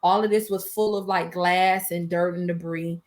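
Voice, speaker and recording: A woman in her forties, a small business owner, telling a personal story in a casual interview, animated and emotional, quoting herself and laughing between hard memories. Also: fairly low pitch, normal speed. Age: 40s.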